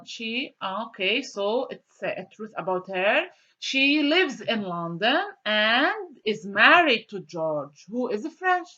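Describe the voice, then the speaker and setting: Lively bright-voiced woman teacher. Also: sits high. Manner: questioning, answers her own questions. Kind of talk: grammar lesson walkthrough. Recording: dull lo-fi sound.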